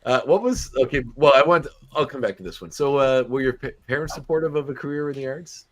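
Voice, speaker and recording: A man hosting a podcast interview, chatting casually and halting often with restarts. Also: medium pitch, slight background noise. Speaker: podcast host.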